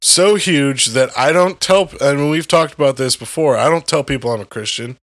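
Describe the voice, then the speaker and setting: A man's voice: mid-range voice, normal speed, fairly bright tone, no echo, clean studio sound. Profane, heated man ranting. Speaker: podcast co-host. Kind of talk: casual chat.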